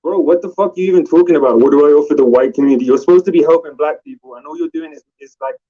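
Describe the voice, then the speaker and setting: A man's voice: on the high side, racing, warm tone. A man calling in to a live stream, arguing in a confrontational way and swearing, heard through muffled lo-fi call audio. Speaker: caller. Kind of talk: heated call-in argument.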